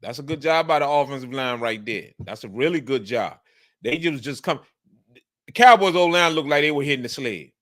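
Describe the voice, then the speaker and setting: Speaking briskly at a medium pitch, a man walks through football game film in a casual way. His tone is emphatic and coach-like; he says things over and over and now and then erupts into animated outbursts.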